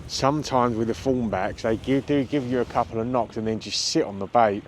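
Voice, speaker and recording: A man's voice: mid-range voice, a little fast. A man chatting casually to viewers as he talks them through his fishing, outdoors on an open beach at night. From United Kingdom. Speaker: angler vlogger. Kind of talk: casual chat to camera. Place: open beach at night in strong cold wind. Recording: heavy wind noise on the mic.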